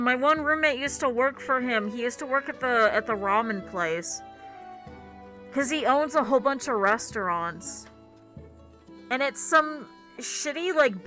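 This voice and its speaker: A woman streamer telling stories in casual, animated, profane talk, laughing often. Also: on the high side, a little slow, faint music behind. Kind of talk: casual livestream storytelling.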